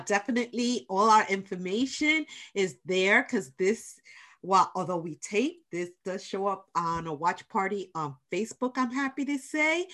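A woman's voice: medium pitch, fairly bright tone. Emphatic New York woman host. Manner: emphatic, repeats key points, encouraging. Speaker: podcast host, small business center director. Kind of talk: casual interview chat.

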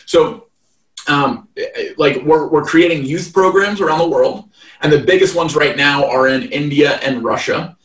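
A man in his thirties chats as an interview guest in a fairly high voice, piling up fillers and restarting his sentences as he goes. He sits well back from the mic in an echoey room. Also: normal speed, a bit bright. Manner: rambling, heavy "like" fillers and restarts. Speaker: guest, fight event promoter. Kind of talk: casual interview chat. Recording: roomy, distant mic.

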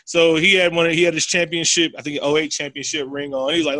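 A man with a bright, forceful voice tells a film's story in loose, profane chat. He slips into the characters' lines as he goes. The sound is dry and close. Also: a little high, quick pace, few pauses, no room sound. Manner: animated, profane storytelling with acted quotes. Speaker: podcast co-host. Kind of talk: casual chat, retelling a film plot.

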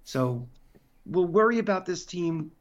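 A man co-hosting a casual sports podcast, talking in an animated, emphatic, ranting way. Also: sits high, a little slow. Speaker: podcast co-host.

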